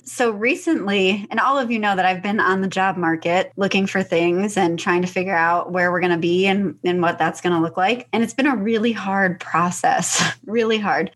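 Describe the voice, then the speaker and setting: A woman's voice: medium pitch, a bit bright, breathy edge. A woman who works as a counselor, telling a personal story in a candid, emotional way and laughing now and then. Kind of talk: casual storytelling.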